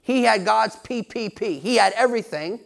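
A male pastor with a high, gravelly voice preaches at a moderate pace, speaking emphatically and directly to his congregation. He frequently asks them questions and laughs now and then.

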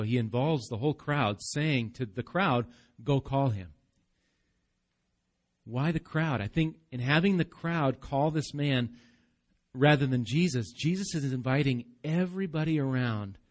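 Male pastor preaching live in church, mid-range voice, lively delivery that rises and hushes. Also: mid-range voice. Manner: animated preaching, acting out crowd and beggar, dropping soft for emphasis. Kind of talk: sermon.

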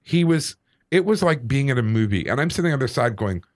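A man on a podcast, casually telling a personal story in an animated, self-deprecating way. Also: mid-range voice, brisk, no echo, studio quality. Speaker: podcast co-host.

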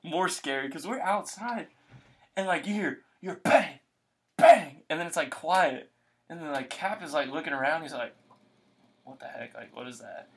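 A man's voice: a little high, moderate pace, a little hiss or hum. A young man, hosting a casual chat and telling stories with lots of acted-out quotes. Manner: animated storyteller, acts out quotes.

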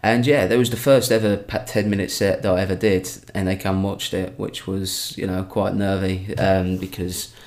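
A man's voice: low-pitched, little pitch movement, normal speed, few pauses, a little mellow. A young man, a stand-up comedian, chatting casually on a podcast and rambling through many restarts.

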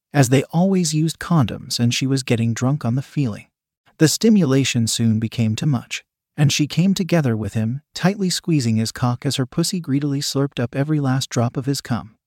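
A man reading a story aloud in a steady, scripted narration style. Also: mid-range voice, moderate pace, dry recording, studio quality.

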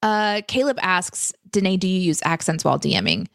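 A woman co-hosting a casual livestream chat, reading viewer questions and telling lively stories. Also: lowish voice, moderate pace, gravelly.

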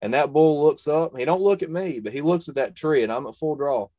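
A man's voice: a little high, fairly quick, mellow, no room sound, dull audio. Earnest man telling a story, dry sound. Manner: emphatic and earnest, repeats phrases for stress. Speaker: hunter and video creator, guest. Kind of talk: telling a personal story in a conversation.

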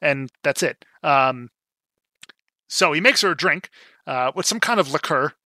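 Bright-voiced young man recapping a film. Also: on the high side, expressive, measured pace, no room sound. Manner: chatty, rambling with many fillers and acted-out quotes. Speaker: film discussion co-host. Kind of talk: casual film recap chat.

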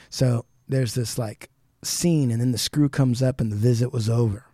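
Man, podcast host, casual storytelling, mellow tone, dry recording. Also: normal speed, no room sound. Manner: animated retelling, dips low and quiet for dramatic passages. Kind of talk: casual podcast storytelling, reading book passages aloud.

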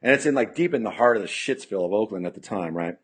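A man's voice: lowish voice, expressive, quick pace, breathy edge. A man from California telling a long story as a podcast guest, full of "you know" fillers and acted-out quotes. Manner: acts out quoted dialogue. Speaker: podcast guest, punk musician. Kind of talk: casual storytelling. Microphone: podcast studio mic.

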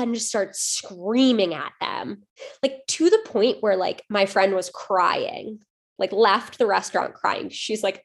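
A woman's voice: medium pitch, unhurried. A woman co-hosting a podcast, telling a story in casual chat with lots of fillers and restarts. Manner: animated storytelling, many fillers. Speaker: podcast co-host.

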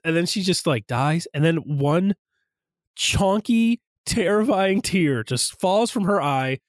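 A young man casually recapping a movie on a podcast, animated and acting out quoted lines. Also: high voice, measured pace, no echo, studio quality. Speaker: podcast co-host.

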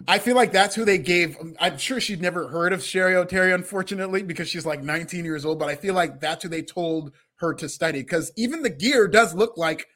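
A man's voice: sits high, a little fast, hardly any pauses, a bit bright. A man co-hosting a casual podcast, sharing gushing, enthusiastic opinions. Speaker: podcast co-host. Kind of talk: casual wrestling podcast chat.

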